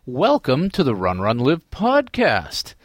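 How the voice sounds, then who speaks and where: A man's voice: mid-range voice, huge pitch swings, slow pace, dry recording, studio quality, soft background music. A man with a Boston accent hosting a running podcast, jokey and upbeat in his intro. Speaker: podcast host.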